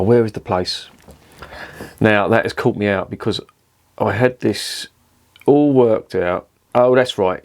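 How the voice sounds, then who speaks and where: A man's voice: on the low side, darkish tone. A man reviewing beer in a casual, rambling, sweary and jokey vlog. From southern England.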